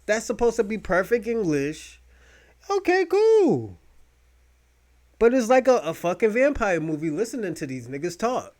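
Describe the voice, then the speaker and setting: A man hosting a podcast, talking in loud, rambling, mocking rants full of profanity. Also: sits high, expressive, fairly quick, few pauses. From United States. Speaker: podcast host. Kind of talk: profane casual commentary.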